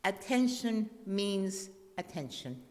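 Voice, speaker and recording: A woman voicing a calm, serene old male Zen master who speaks slowly, quietly and without hurry. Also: mid-range voice. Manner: slow, hushed and unhurried. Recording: long reverb in a church hall.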